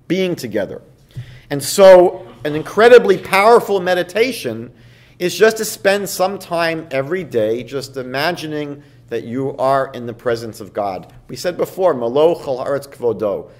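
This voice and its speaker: Man, rabbi, lecture, fairly high voice, conversational, tells stories, reads aloud. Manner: conversational teaching, telling stories and reading passages aloud. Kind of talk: evening lecture in a seminar series.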